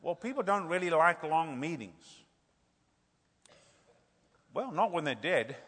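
High-pitched preacher guy cracking jokes, lots of "hello?", big echoey church sound. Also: slow, breathy edge. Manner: animated, joking, repeats "hello?" for laughs. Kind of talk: humorous sermon.

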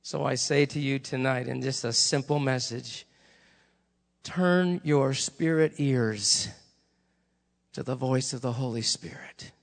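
A man's voice: mid-range voice, slow pace, gravelly, in a large hall. A male preacher telling stories during a sermon, in a chatty, conversational way with asides to the congregation.

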